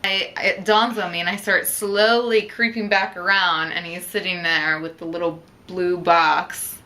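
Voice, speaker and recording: A woman's voice: lowish voice, steady tone, measured pace, pushed and bright, rough recording. A young woman casually telling the story of her engagement, chatty with wry asides.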